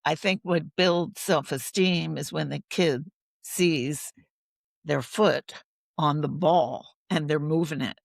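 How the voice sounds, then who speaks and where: A woman's voice: low-pitched, slow, gravelly, dry recording. A woman guest in a conversational interview, talking earnestly and thoughtfully and expanding her points with personal stories.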